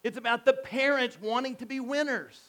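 A middle-aged man with a high-pitched voice preaches to his congregation. He is emphatic and animated, and he circles back on his words, repeating and restarting as he builds each point. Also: normal speed. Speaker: pastor. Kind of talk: sermon.

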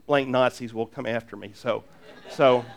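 A man preaching a sermon as pastor, earnest and animated, with jokey asides and lots of repeated restarts. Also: medium pitch, normal speed, gravelly.

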